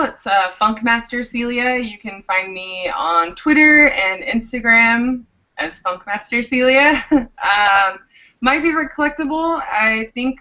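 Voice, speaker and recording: A woman from Minnesota hosting a casual group chat, giggly and animated. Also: on the high side, highs cut off. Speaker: host.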